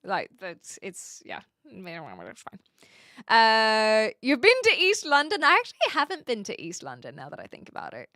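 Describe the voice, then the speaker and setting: Young kiwi woman streaming, chatty and animated, high bright voice, dry close sound. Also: normal speed, no room sound. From New Zealand. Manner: chatty, animated, frequent fillers and restarts. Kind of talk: casual live-stream chat reading viewer messages.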